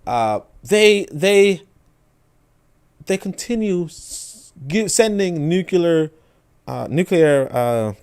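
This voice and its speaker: High-voiced animated man commenting. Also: takes it slowly, clean tone. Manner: animated, repetitive restarts, acts out voices mockingly. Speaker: host reading and commenting on a book. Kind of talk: casual commentary on read passages.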